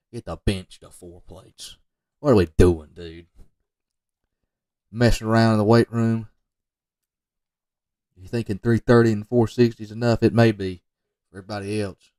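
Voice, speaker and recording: Rambling man with a low voice. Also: darkish tone, no echo, studio quality, recorded from a distance. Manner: rambling, joking asides, talks to players directly. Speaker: football recruiting video reviewer. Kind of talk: off-the-cuff commentary on game film.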